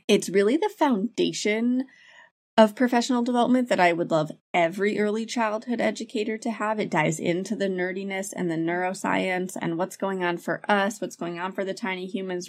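A woman in her thirties, an early childhood educator, speaking candidly as an interview guest and telling lively stories with many "like" fillers. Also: fairly low pitch. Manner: candid, animated storyteller who uses many "like" fillers. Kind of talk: casual interview talk.

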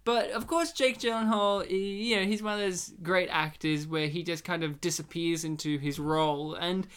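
A man's voice: sits high, fairly even intonation, moderate pace, fairly bright tone, clean tone. A man co-hosting a casual movie commentary chat, joking and sarcastic, laughing often.

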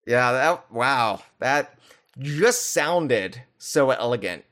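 A man's voice: mid-range voice, lively intonation, extremely slow, fairly bright tone. A man hosting a podcast, chatting casually in rambling, joking runs with restarts. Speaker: podcast host. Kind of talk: casual chat.

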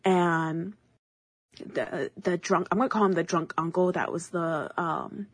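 A woman's voice: lowish voice, unhurried, slightly rough, dry recording. A young woman co-hosting a podcast, telling a long story in a casual, rambling way and acting out what others said. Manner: rambling, animated, quotes others in their own voices. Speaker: podcast co-host.

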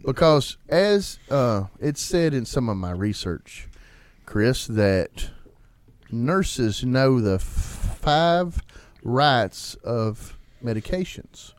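A man's voice: very slow, dry recording. A man co-hosting a casual podcast, teasing his partner in a playful way. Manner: playful, teasing, animated pitch swings. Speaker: podcast co-host.

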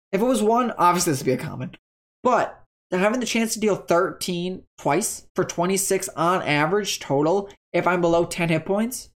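A tabletop game creator casually explaining monster stats in a chatty, rambling way, often stopping to correct themselves. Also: medium pitch.

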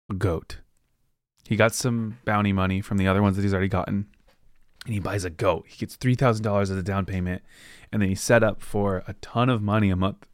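A fairly low-pitched man talks through a novel's plot on his podcast, rambling and tossing in quick quoted asides. The sound is dry and close, with no room around him. It comes across as relaxed recap chatter from home. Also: dry recording. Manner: rambling, retells scenes with loose quoted asides. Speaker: podcast host. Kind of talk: casual book recap.

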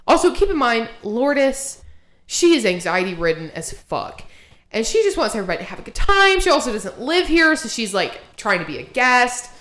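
A young woman co-hosting a podcast, telling a wild party story in profane, animated casual chat and acting out quotes. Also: a little high, a little fast. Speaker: podcast co-host.

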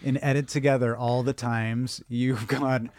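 A Midwestern American man in his forties from Michigan, United States, co-hosts a casual podcast, rambling, self-deprecating and restarting often. His medium-pitched voice is flat and a little mellow, at a measured pace. The recording is dry.

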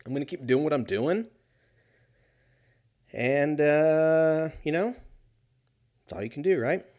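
A man's voice: a little high, expressive, takes it slowly, a little mellow. Rambling, laughing man. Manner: rambling, profane, often laughing. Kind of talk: casual solo monologue.

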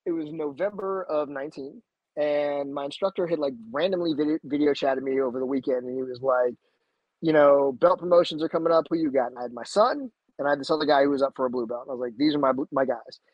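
A man telling a story as a podcast guest in a casual, animated way, acting out the voices he quotes. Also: quick pace, no room sound. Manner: animated, acts out quoted voices with big pitch jumps. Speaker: podcast guest, jiu-jitsu black belt. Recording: slightly dull, dry sound.

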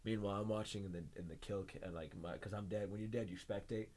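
A young man chatting casually as a podcast guest, telling a story with a lot of energy and loud laughter. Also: fairly low pitch, fairly even intonation, fast talker. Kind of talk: casual chat.

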